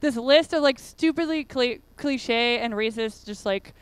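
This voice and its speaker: A woman's voice: fairly high pitch, unhurried, smooth, no echo. A woman giving a casual conference talk, chatty and full of fillers. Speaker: conference speaker. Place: conference room.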